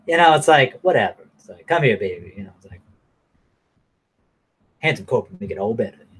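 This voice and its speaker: A man ranting casually to camera in a blunt, profane, rambling way, now and then mocking people in a high falsetto. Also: expressive, fairly quick, fairly bright tone, husky. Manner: mocks others in high falsetto. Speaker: vlogger.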